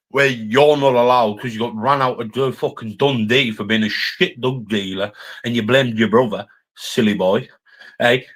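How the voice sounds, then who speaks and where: A man's voice: medium pitch, a bit bright. A man with a Cumbrian accent, ranting through a live-stream roast in an aggressive, sweary, taunting way. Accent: Cumbrian English. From Cumbria, England.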